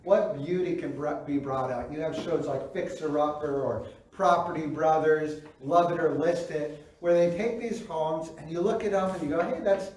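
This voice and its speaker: A man's voice: fairly high pitch, moderate pace, hardly any pauses, darkish tone, a little hiss or hum. A man preaching a sermon as pastor, in a conversational way, acting out quoted reactions and often asking "right?". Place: church sanctuary. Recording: very echoey hall, voice from far off.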